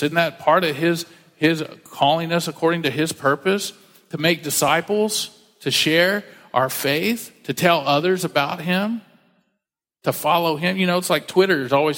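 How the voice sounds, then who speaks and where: A man preaching a sermon in a relaxed, conversational way, with joking asides and acted-out quotes. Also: a little high, moderate pace. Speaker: pastor. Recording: long hall reverb.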